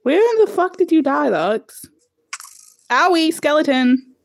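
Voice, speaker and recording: A woman with a high-pitched, creaky voice and big pitch swings speaks at a measured pace while streaming a video game. Chatting casually with friends, she's easily startled and laughs and swears as she plays.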